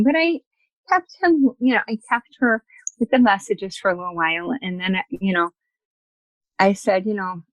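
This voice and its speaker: A woman guest on a podcast interview, telling personal stories in a lively, chatty way and acting out the dialogue. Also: medium pitch, no echo, low-quality recording. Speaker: guest, spiritual medium. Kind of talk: casual storytelling in an interview.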